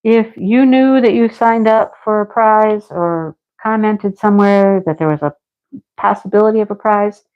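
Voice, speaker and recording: Middle-aged woman, craft-stream host; casual rambling chat with lots of laughter, mid-pitched, dull lo-fi sound. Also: moderate pace. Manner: chatty and rambling, laughs often, a little snarky. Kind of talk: casual livestream chat, answering viewer comments. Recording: dull lo-fi home stream audio.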